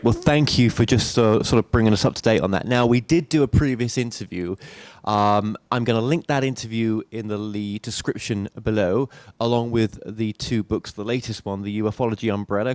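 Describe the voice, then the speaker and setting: A man's voice: fairly low pitch, darkish tone, dry recording. A British man hosting an interview show, chatty and friendly, with fillers. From Britain. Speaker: show host. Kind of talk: casual interview talk.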